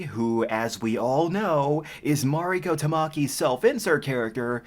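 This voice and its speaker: A man's voice: mid-range voice, measured pace, hardly any pauses. A man giving a mocking, profane commentary, often laughing in disbelief as he reviews something. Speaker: comic reviewer. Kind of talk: sarcastic commentary.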